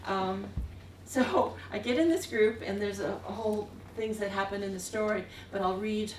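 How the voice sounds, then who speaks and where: A woman's voice: medium pitch, normal speed. A woman telling a rambling story from across an echoey room. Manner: meandering, with frequent chuckles. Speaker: artist giving a talk. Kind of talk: anecdotal storytelling. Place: museum gallery room. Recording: echoey room, distant mic, faint hiss.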